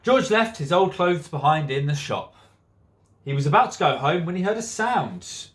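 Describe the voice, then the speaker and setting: A man's voice: a little high, animated, normal speed. Giggly man reading a children's story. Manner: giggly, keeps breaking into laughter. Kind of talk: storybook read-aloud.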